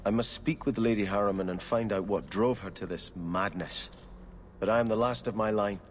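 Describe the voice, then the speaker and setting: A man's voice: lowish voice, moderate pace, long reverb tail, slight background noise, close to an everyday voice. An actor voicing an earnest, devout young male noble in a video game. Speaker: exiled noble.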